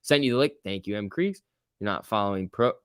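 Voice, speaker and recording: Young male streamer, low-pitched, dry close-mic sound, loose chatty delivery reading chat and cheering on trades. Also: brisk, clean tone, no room sound. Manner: chatty, reacts to chat and price moves, cheering the chart on. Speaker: stock market livestream host. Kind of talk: casual live-stream chat reading viewer comments.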